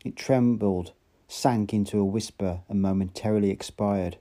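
A man's voice: low-pitched, level tone, moderate pace, dark tone. A man narrating an audiobook in an unpolished reading with occasional slips and restarts.

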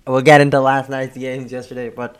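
A man hosting a casual sports podcast, upbeat and chatty, with a slightly hoarse voice. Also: medium pitch, level tone, a little fast. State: a bit hoarse. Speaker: podcast host.

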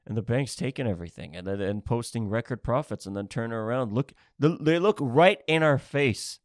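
Podcast host, male, restless profane rant, mid-pitched voice, dead-dry sound. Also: moderate pace, no room sound. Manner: rambling, swearing, restless, jumps between topics.

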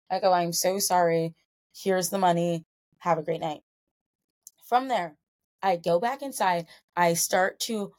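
A woman's voice: fairly low pitch, darkish tone. A woman in her twenties hosting a solo podcast, a little tipsy, telling a long story in a chatty, rambling way with self-corrections. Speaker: podcast host.

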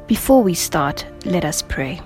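A woman hosting a devotional talk, opening with prayer and then speaking in an earnest, gentle, reflective way, her voice softening at the ends of phrases. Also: lowish voice, sing-song, measured pace, soft background music. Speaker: devotion host.

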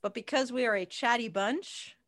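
A woman's voice: a little high, normal speed, a bit bright. A woman co-hosting a comedy podcast, reading game cards, laughing often and swearing bluntly. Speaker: podcast co-host. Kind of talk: casual comedy chat during a card game.

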